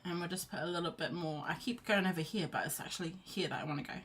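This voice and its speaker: A woman's voice: on the low side, quick pace, a bit bright, breathy edge. A woman hosting a casual live painting chat, chatty and self-deprecating, laughing often. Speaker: art livestream host.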